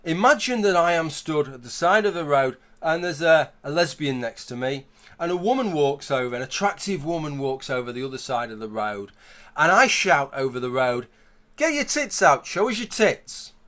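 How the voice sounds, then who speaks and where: A man's voice: on the high side, expressive, normal speed, fairly bright tone. A man giving a conversational opinion commentary, arguing his point through hypothetical scenarios. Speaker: YouTube commentator.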